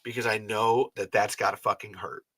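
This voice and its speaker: A man's voice: on the low side, steady tone, normal speed, bright, forceful tone, husky, dry recording. A man hosting a fan podcast, talking casually and rambling, frustrated and swearing often. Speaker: podcast host.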